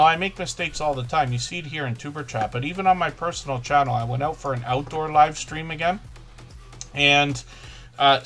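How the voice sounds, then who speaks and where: A man hosting a live stream, talking fast and casually, often restarting his sentences as he greets viewers. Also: mid-range voice, a bit bright. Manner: fast-talking, self-correcting, chatty. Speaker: livestream host.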